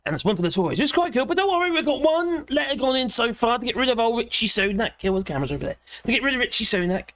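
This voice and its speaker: A hoarse woman with a British accent hosting a casual live political chat, laughing often and greeting viewers by name. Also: a little high, very animated, racing, few pauses, fairly bright tone, dry recording. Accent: British English. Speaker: livestream host.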